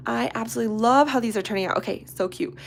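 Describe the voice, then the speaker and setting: A woman in her thirties talks through a live crafting session in a casual, bubbly way, greeting viewers by name. She often drops into soft, half-whispered asides. Faint room noise sits behind her voice. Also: a little high, fast, gravelly. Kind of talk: casual live-stream chat while sculpting.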